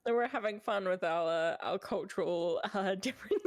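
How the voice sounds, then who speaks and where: A woman's voice: medium pitch, normal speed. A woman chatting casually on a stream, laughing often.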